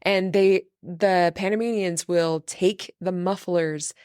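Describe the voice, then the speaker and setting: A woman in her thirties hosting a podcast, telling a story in a relaxed, animated way and laughing often. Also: on the low side, takes it slowly, clear, resonant tone, dry recording, studio quality. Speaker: podcast host. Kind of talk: casual storytelling chat.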